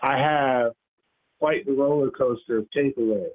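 A man calling into a show, telling his take in an animated way and laughing through his lines over a phone line. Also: medium pitch, normal speed. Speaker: caller. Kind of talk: casual call-in chat. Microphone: phone call.

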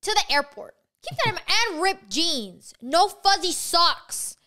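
Bright, high-voiced woman telling a story fast. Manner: fast, profane, animated storytelling. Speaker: podcast host. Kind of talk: casual storytelling chat.

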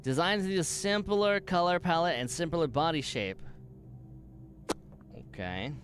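A man streaming a video game, reacting out loud in an excitable way, swearing and jumping to sudden shouts. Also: on the high side, unhurried, slight background noise. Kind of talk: gaming livestream commentary.

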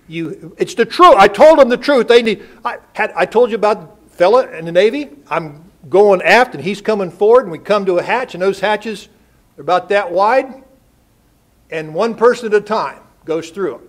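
An older man preaching in a church, his voice sitting notably high for a man. He talks in a folksy, storytelling way, tossing rhetorical questions at the congregation. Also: expressive, moderate pace, fairly bright tone. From United States. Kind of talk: sermon. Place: church sanctuary.

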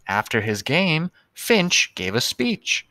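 A man's voice: medium pitch, huge pitch swings, slow, bright, forceful tone, dry recording. A male teacher giving a recorded lesson to young students, patient and spelling out words one by one.

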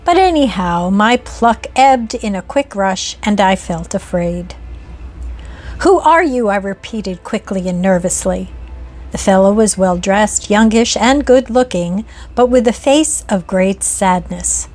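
Woman reading an old ghost story, steady and earnest, middle pitch. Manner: earnest, measured first-person storytelling. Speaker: narrator.

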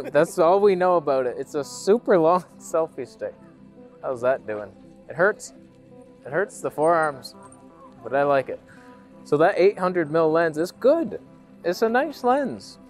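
A man's voice: fairly high pitch, expressive, a little slow, faint music behind. A man chatting playfully outdoors as a camera vlogger, joking at his own expense and slipping into mock narration. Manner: playful, self-mocking banter with mock narration. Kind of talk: joking outdoor vlog chat. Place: outdoors at a beach ridge.

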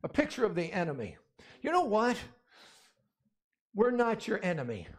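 A man's voice: high voice, wildly swooping pitch, normal speed. A man preaching a sermon as pastor, emphatic and repetitive, often calling out amen. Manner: emphatic, repetitive, calls for amens.

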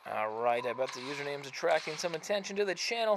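A man hosting his gaming channel, giving chatty, self-mocking commentary while he plays, swinging between mumbling asides and loud frustrated outbursts. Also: on the high side, expressive, fast talker, hardly any pauses. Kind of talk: casual gameplay commentary. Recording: noisy background.

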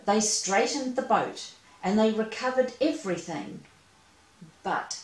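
A woman reading a children's storybook aloud, gentle and expressive with playful asides. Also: mid-range voice, unhurried, far from the mic. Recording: echoey room, away from mic.

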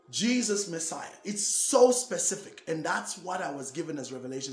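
Male pastor telling his testimony, lively storyteller, kinda high voice, echoey room. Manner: animated storytelling, acting out dialogue. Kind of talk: personal testimony.

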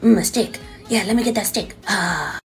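Woman voicing a giddy, gravelly young dog. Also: mid-range voice, moderate pace, soft background music, natural voice. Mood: playful. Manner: gleeful, sing-song, squeals and coos. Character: excited playful young dog, eager, giddy. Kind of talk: comic voice-over for a pet video.

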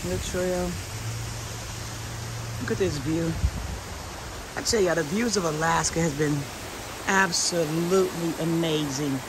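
A woman's voice: on the low side, measured pace, long pauses, background noise. A woman talking casually to her camera for a travel vlog, candid and chatty, filming outdoors and then aboard a ship. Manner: chatty, candid, uses y'all. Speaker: cruise vlogger.

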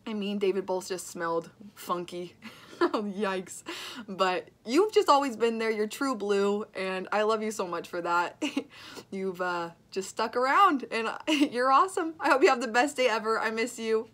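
A woman's voice: medium pitch, measured pace, a bit bright. A young woman sending a friend birthday wishes in a casual video message, giggling as she tells a story. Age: young adult.

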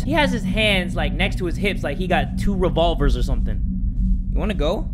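Jokey gamer man with a lively voice. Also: on the high side, normal speed, long pauses. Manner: jokey, yelps and shouts at scares. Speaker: gaming YouTuber. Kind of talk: horror game let's play commentary. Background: loud game music.

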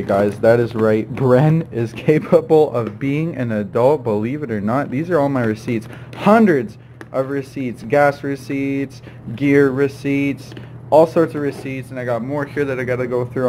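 A playful man chatting to his handheld camera, joking around and tossing in silly noises. His voice sits at an ordinary middle pitch, with faint background noise behind it. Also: darkish tone. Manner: playful, joking, hums and sings silly sounds. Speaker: vlogger. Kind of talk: casual vlog to camera.

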